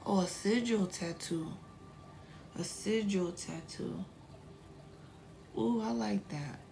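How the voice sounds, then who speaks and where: A woman's voice: mid-range voice, slow, vocal fry, mellow, a little hiss or hum. A woman doing a casual tarot reading, chatty and blunt, sometimes dropping to a whisper and swearing freely. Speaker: tarot reader.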